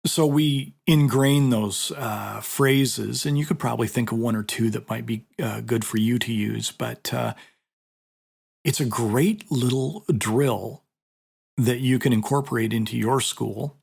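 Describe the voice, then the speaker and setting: A man's voice: mid-range voice, fairly even intonation, measured pace, vocal fry, darkish tone, husky. A middle-aged man, a martial arts instructor, chatting casually and telling a story with lots of fillers. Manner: storytelling, conversational, many fillers. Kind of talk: casual monologue.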